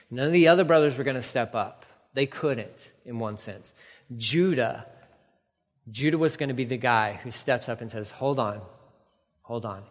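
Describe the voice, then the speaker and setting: A man's voice: medium pitch, long reverb tail. A man preaching a sermon, reading scripture aloud and breaking off into casual, emphatic asides that repeat key points. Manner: conversational asides, emphatic repetition.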